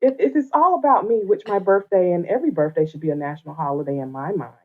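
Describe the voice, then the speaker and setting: A woman from the Atlanta area, a podcast guest, chatting casually with animated, playful storytelling. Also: on the low side, quick pace. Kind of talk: casual conversation. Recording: dull lo-fi remote audio.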